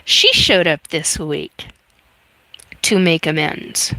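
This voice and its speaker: Hosting a relaxed live chat, a woman in her 50s reads out viewer comments, talking freely with lots of fillers. Her low-sitting voice is animated yet slow, sounding pushed and bright.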